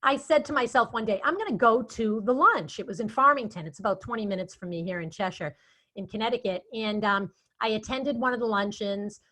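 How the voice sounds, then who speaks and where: Boston-accented woman, interview guest, animated chatty delivery. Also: fairly high pitch, fairly quick. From Boston area. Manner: chatty, animated storytelling with quoted asides. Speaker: guest speaker and event moderator. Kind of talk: casual interview chat.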